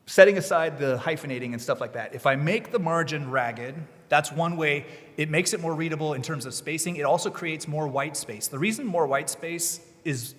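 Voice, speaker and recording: A man speaking at a conference, giving writing advice in a relaxed, explanatory way with the odd emphatic push. His voice sits at an ordinary middle pitch. The sound carries a long reverb from the hall. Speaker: legal writing presenter. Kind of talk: conference talk. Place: conference room.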